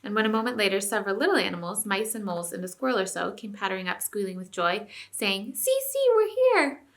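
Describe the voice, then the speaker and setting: A woman teacher reading a novel aloud to her class, with clear storytelling. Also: medium pitch, steady tone, racing, fairly bright tone.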